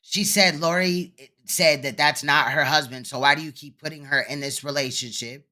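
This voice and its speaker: A commentator with a bright, forceful voice talks over a replayed livestream. The delivery is blunt, sarcastic and profane, with pointed rhetorical questions. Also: mid-range voice, fairly even intonation, normal speed. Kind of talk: reaction commentary on a livestream clip.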